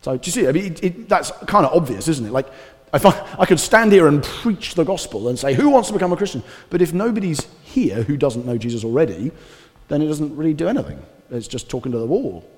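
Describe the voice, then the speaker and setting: A male pastor giving a conversational, animated sermon with casual asides. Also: fairly high pitch, a little fast. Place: church hall. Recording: reverberant church hall.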